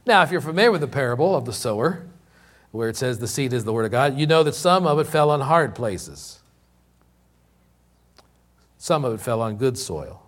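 A man delivers a sermon at an ordinary middle pitch, teaching from scripture in an unhurried way. He drives his points home by repeating lines and stretching out key words, with the occasional filler and restart. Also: very animated, fairly bright tone. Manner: repeats key lines for emphasis, with many slow, drawn-out words. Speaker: pastor.

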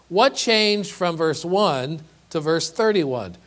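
A man's voice: fairly high pitch, expressive, takes it slowly, few pauses, a bit bright. A man preaching a sermon, earnest and emphatic, often repeating and restarting words and asking rhetorical questions. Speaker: pastor.

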